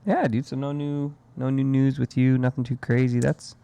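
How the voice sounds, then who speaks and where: A man in his thirties chats loosely on a podcast, drifting from one thought to the next and sprinkling "dude" and "man" throughout. His voice sits at an ordinary pitch, close and completely dry with no room sound. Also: level tone, moderate pace, vocal fry, mellow, dry recording. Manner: laid-back, rambling, says "dude" and "man" often. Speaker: podcast co-host. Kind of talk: casual chat.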